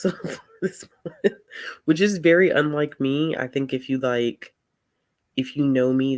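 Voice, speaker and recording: A man's voice: mid-range voice, darkish tone. A man hosting a casual reading livestream, tired and yawning, rambling and greeting viewers in the chat. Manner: slow, rambling, says y'all often, greets chat viewers. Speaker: book livestream host.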